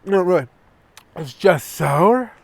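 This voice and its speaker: A man's voice: sits high, expressive, slow, gravelly, husky, no room sound. A man chatting casually to his viewers outdoors at night, rambling and joking, into a clip-on lavalier microphone. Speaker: vlogger. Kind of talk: casual chat to camera.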